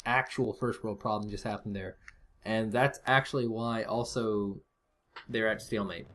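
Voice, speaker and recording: An esports caster with an ordinary mid-range voice gives loose, casual commentary on a strategy game match. He rambles and cracks jokes while thinking aloud, with slight noise in the background.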